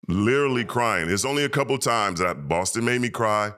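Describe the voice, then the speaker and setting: A man, a former pro basketball player, telling emotional, animated stories as a podcast guest and acting out quoted voices. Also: lowish voice, a little fast. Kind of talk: casual storytelling interview.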